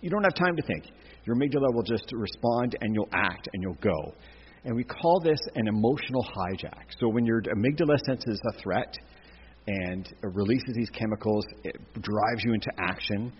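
A man's voice: fairly low pitch, lively intonation, moderate pace, husky. A man giving a casual, jokey teaching talk to a church class, with lots of restarts. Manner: chatty, jokey, many restarts. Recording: echoey hall, dull lo-fi sound.

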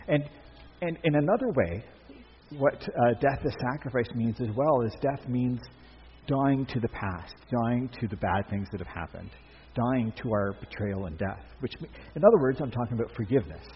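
A man's voice: mid-range voice, slight background noise. A man giving a sermon as pastor, speaking in a conversational, emphatic way with repeated phrases. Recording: dull, echoey hall recording.

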